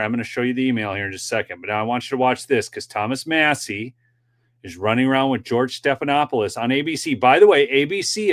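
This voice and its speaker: A man hosting a political commentary livestream, chatting directly with his viewers in a loose, rambling way with many fillers. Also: mid-range voice. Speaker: political commentary show host.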